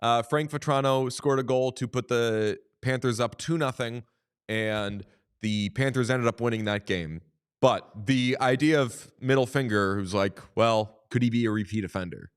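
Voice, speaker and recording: A man co-hosting a sports podcast in casual chat, telling stories with lively acted-out quotes. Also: mid-range voice, normal speed, clear, resonant tone. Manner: animated storyteller, acts out quotes. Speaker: podcast co-host.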